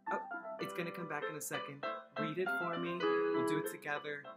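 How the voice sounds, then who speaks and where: A woman's voice: low-pitched, fairly even intonation, fast. A woman music teacher giving a playful online lesson to young children, teasing them and chanting rhythm syllables.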